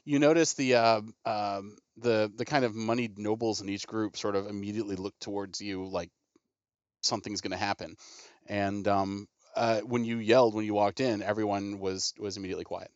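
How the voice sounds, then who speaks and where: A man's voice: fairly low pitch, normal speed, no room sound, lo-fi sound. Man running a tabletop game. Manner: relaxed, hesitant narration with many fillers. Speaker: game master.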